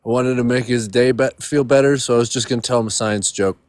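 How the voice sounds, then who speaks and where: A man calling into a live stream from his porch, friendly and relaxed as he tells a joke. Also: mid-range voice, fairly quick, no room sound, studio quality. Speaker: caller. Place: outdoors on a porch.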